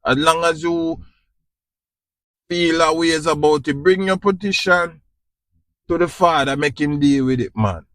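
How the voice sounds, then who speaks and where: A man's voice: a little high, a little slow, pauses often, fairly bright tone, dry recording. A man with a Jamaican accent hosting a podcast, giving an informal spiritual talk in a preachy, repetitive way and often asking if you understand. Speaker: podcast host.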